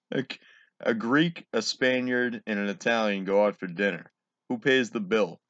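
A man's voice: fairly low pitch, a bit bright, no room sound. A man casually reading jokes aloud, giggling and swearing between them. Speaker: joke reader. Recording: dull, lo-fi home recording.

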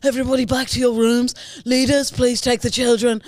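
A woman's voice: a little high, flat delivery, a little fast, darkish tone, dry recording, lightly acted. A woman putting on an old male wizard headmaster, barely changing her own voice. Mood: announcing.

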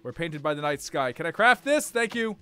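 A young man streaming a game live, swearing and reacting loudly to what happens on screen. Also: on the high side, big pitch swings, a little fast, clear, resonant tone.

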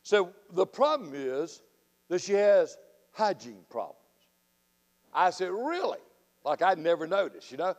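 A middle-aged man with a Southern accent preaches at a revival, his raised voice ringing through the long echo of a church sanctuary. He tells folksy stories and swings from loud, fiery outbursts to quiet, dry asides. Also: sits high, sing-song, measured pace, long pauses. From Florida. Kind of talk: revival sermon with storytelling.

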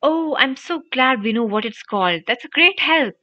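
A woman's voice: a little high, very animated, moderate pace, fairly bright tone, no echo. A woman reading an audiobook, voicing a sarcastic, hot-headed eleven-year-old boy wizard who blusters and snaps. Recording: dry, dull lo-fi audio.

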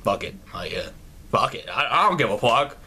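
Guy doing a low mumbly boyfriend who just doesn't care anymore. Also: sing-song, moderate pace, pushed and bright, breathy edge, full character voice. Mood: indifferent. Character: shrugging apathetic young boyfriend who stops caring.

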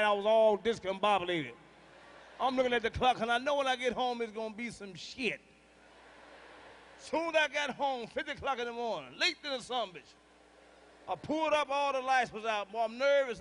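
A middle-aged man on a big comedy stage, his voice pitched very high as he storytells in a loud, punchy, profane way and hammers lines through repetition. A faint murmur of the venue hangs behind him. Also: slight background noise. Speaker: stand-up comedian. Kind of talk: stand-up comedy routine. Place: large live comedy venue.

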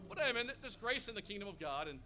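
A man from Hawaii preaching a sermon, an energetic, animated storyteller. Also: high voice, fast talker. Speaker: pastor.

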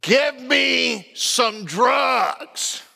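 Man doing a gurgly, yelling woman in labor for a sermon bit, slow and bright-edged. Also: animated, vocal fry, in a large hall, exaggerated voice. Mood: growling. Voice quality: deep, gurgly. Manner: drawn-out, insistent, yelling. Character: laboring wife, petite, demanding, deep gurgly voice.

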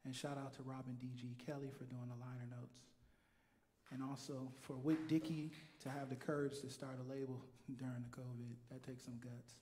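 Bandleader, male, flat steady delivery over a stage mic, halting phrasing, long hall reverb, noisy live room. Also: medium pitch. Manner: halting, unhurried phrasing with pauses. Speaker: bandleader introducing his band. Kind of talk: onstage announcement at a live concert. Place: stage of a concert venue.

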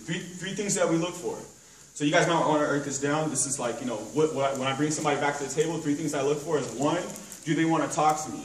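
A man's voice: a little high, a bit bright, a little hiss or hum. A man training a sales team at a meeting, casual and rambling, full of fillers and analogies, recorded from far off in an echoey hotel room.

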